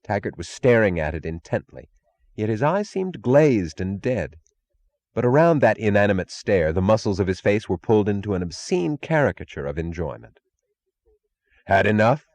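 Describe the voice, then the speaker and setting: A man reading a novel aloud as an audiobook narrator, in a measured, dramatic delivery. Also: lowish voice, very animated, a little mellow. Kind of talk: scripted narration.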